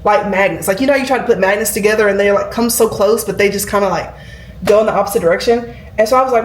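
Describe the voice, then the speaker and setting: Here a vlogger in her 20s chats fast to camera in a mid-range voice, rambling and filling her speech with "like." There's a roomy echo to the recording, along with slight background noise.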